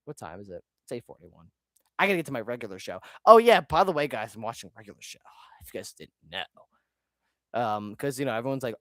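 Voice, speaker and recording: A man's voice: medium pitch, very animated, fast, dry recording, clean studio sound. A man chatting casually on a live stream while ranking his own videos, rambling, easily sidetracked and swearing often.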